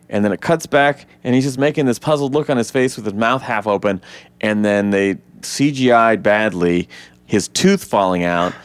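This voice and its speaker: A man co-hosting a casual podcast, retelling a film scene by scene with lively acted-out quotes and frequent swearing. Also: moderate pace, smooth, no room sound. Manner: animated retelling, acts out quotes in high voices; swears freely. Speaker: podcast co-host. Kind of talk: casual movie breakdown chat.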